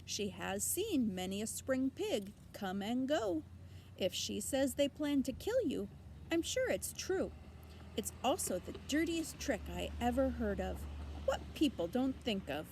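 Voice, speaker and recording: A woman voicing a wise female spider who speaks sweetly, composed and brisk. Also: on the high side, sing-song, darkish tone, slight background noise, pitched above the performer's own voice. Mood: thoughtful.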